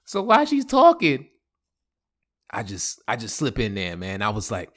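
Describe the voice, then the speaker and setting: A man's voice: on the low side, moderate pace. Brief: male podcast host spinning a funny story, loose slang, a voice that leaps all over. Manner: animated, slangy, laughing asides. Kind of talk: comedic storytelling.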